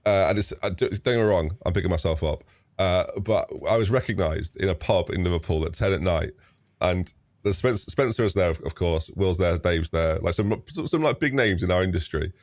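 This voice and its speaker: A man's voice: deep voice, brisk, dry recording. A man, a podcast guest telling a funny anecdote with laughs. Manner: animated storyteller, laughs, does voices in quotes.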